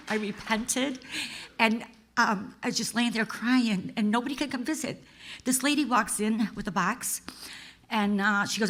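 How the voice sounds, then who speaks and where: A woman's voice: medium pitch, sharp tone. A middle-aged woman giving a personal testimony in church, talking conversationally and with emotion, often turning to the congregation as "you guys.".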